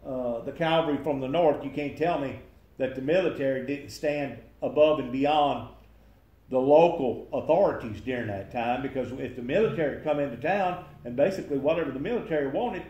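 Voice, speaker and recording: A man's voice: medium pitch, fairly quick, dark tone, dull audio. A man, asking questions in a casual chat and arguing his points with rising energy. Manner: talkative, opinionated, speeds up when arguing. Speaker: interviewer asking about local history. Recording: roomy room with faint noise.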